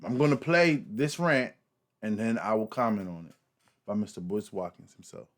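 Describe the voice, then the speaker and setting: A man's voice: fairly low pitch, normal speed. Man hosting an emphatic reaction commentary. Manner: emphatic, repetitive, profane, fillers. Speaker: host.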